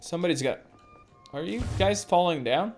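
A woman's voice: lowish voice, lively intonation, moderate pace, darkish tone, soft background music. Foul-mouthed woman ranting over gameplay. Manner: swears constantly, rants at the game. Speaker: gameplay streamer. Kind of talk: let's play commentary.

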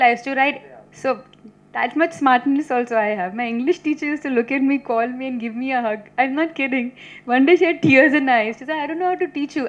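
A woman, a film actress at a press meet, telling lively stories and teasing with many fillers and restarts. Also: high-pitched, highs cut off. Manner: teasing, laughs often. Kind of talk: chatty press meet answers.

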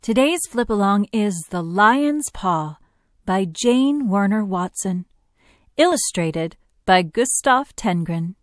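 Woman reader for a kids' picture book: slow, sing-song, animated delivery, dry recording. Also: mid-range voice, no echo. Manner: expressive, sing-song storytelling. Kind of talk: read-aloud picture book narration.

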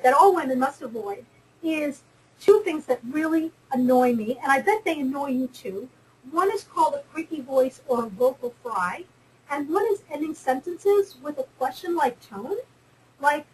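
A woman's voice: high voice, a little hiss or hum, low-quality recording. An earnest woman giving a webinar talk on careers in science, stressing her points and repeating them. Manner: earnest, emphatic and repetitive, with some restarts. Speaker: webinar speaker on careers in geoscience. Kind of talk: instructive talk.

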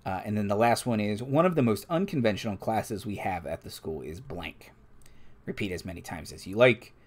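Man reading game rules aloud, low-pitched. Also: animated, a little fast. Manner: reads rules aloud with asides to the chat. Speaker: game master and stream host.

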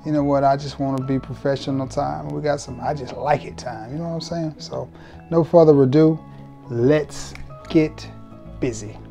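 Laid-back man with a mellow voice. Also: on the high side, vocal fry. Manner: laid-back, joking, colloquial, talks straight to viewers. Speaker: fragrance reviewer. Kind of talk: casual fragrance review vlog.

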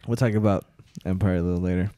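A man's voice: deep voice, steady tone, fast talker, dark tone, no room sound. A man co-hosting a podcast, chatting casually and profanely in a rambling way, laughing often. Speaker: podcast co-host. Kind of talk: casual chat recapping movies.

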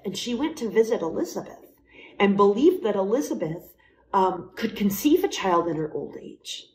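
A woman hosting a devotional talk, praying aloud in a soft, half-whispered way. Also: mid-range voice. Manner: soft, prayerful, often breathy and half-whispered. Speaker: host leading prayer. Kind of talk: devotional talk with spoken prayer. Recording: roomy echo with faint background noise.

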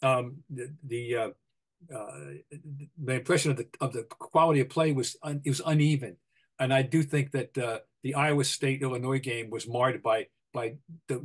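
An older man with a Boston accent, co-hosting a sports podcast, opinionated and full of halting restarts. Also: medium pitch. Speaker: podcast co-host, basketball writer. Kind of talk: casual sports talk.

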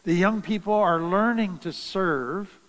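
A man giving a talk on parenting and trauma in a slow, deliberate, earnest way, stressing key phrases. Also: sits high, fairly bright tone, in a large hall, rough recording. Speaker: trauma educator. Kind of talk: teaching talk.

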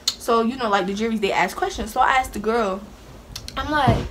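A young woman telling a storytime vlog in a sassy, animated way, talking with attitude. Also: medium pitch, moderate pace, a little hiss or hum. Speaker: vlogger. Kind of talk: casual storytime.

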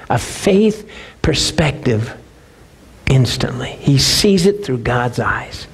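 A male pastor preaching a sermon, telling a story with animated, emphatic repeats. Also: on the high side, creaky, husky.

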